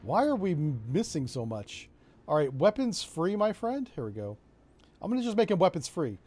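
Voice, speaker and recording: A middle-aged man with a Florida accent talks through a naval strategy game in a loose, joking way. His voice sits a little high for a man. He keeps throwing in asides to the people watching. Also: very animated, normal speed, a little mellow, no room sound. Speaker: streamer. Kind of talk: casual gameplay commentary.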